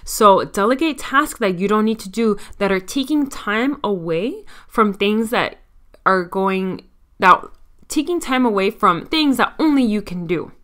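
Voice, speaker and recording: Smooth-voiced chatty woman with a Miami accent. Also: medium pitch, lively intonation, measured pace, a bit bright. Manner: chatty, candid and self-mocking. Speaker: podcast host. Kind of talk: casual solo podcast talk.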